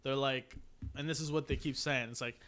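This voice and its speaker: A young man in casual podcast chat, animated and laughing often, with quick impressions of film lines. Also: medium pitch. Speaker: podcast co-host.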